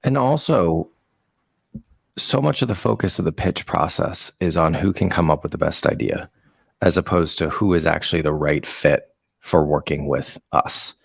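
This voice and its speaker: A man co-hosting a podcast in casual chat, talking in long, animated run-on thoughts. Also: low voice, moderate pace, gravelly, husky, dry recording, clean studio sound. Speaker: podcast co-host. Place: festival on the French Riviera.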